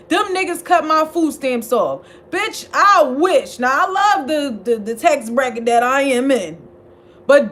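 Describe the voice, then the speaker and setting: A high-pitched woman talks straight to her viewers in a loose, profane commentary vlog. She is sassy and blunt, and she scolds the people she discusses. She swings between mocking outbursts and quiet asides. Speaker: commentary channel host. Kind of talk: casual profane gossip commentary.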